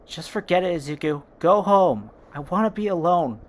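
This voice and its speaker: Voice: medium pitch, expressive, normal speed, voice pushed up, natural voice. A fan storyteller voicing a withdrawn, guilt-ridden teenage girl who pleads and cries out in despair.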